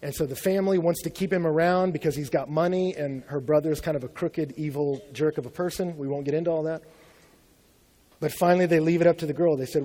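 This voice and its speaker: A man's voice: fairly high pitch, steady tone, fast talker, dark tone. A young adult man preaching a sermon as a pastor in a conversational, humorous storytelling way.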